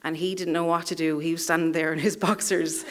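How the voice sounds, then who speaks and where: A woman's voice: low-pitched, little pitch movement, brisk. A woman telling a personal story live on a theatre stage, in a wry, self-deprecating way, chuckling through her lines.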